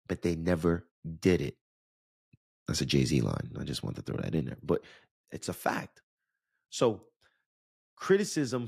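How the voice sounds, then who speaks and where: Man coach, low voice, earnest direct motivational delivery, dry close mic. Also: darkish tone, slightly rough, dry recording. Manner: earnest, direct, repeats points, addresses listener as "my friend". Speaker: wellness coach and podcast host. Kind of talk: motivational podcast talk.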